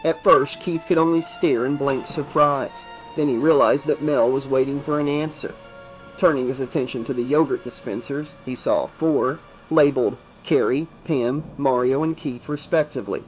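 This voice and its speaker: A man reading a horror audiobook aloud in a steady, measured storytelling manner. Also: medium pitch, muffled recording, faint music behind. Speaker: audiobook narrator.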